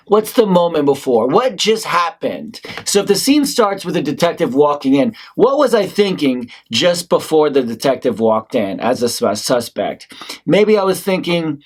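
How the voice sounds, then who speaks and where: A man's voice: a little high, sing-song, moderate pace. A male acting instructor giving a talk on scene breakdown in a casual, conversational way, now and then acting out short lines himself. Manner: conversational, demonstrates lines in character. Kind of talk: acting class lecture.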